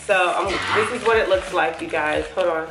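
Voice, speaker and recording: A woman's voice: on the low side, fairly quick. A woman in her thirties hosting a family vlog in an upbeat, chatty way, coaxing her kids along. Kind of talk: casual family vlog chat. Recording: echoey room with music playing behind.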